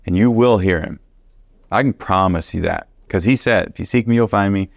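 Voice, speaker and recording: A man teaching a Bible study sermon, earnest and animated, stressing points by repeating them. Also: low-pitched, moderate pace, gravelly, no echo, studio quality. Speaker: preacher.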